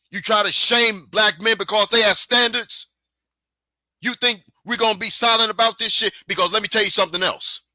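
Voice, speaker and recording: A podcast host with a high, sharp voice rants heatedly and profanely on his own, taunting listeners over and over with challenges. The recording has no echo.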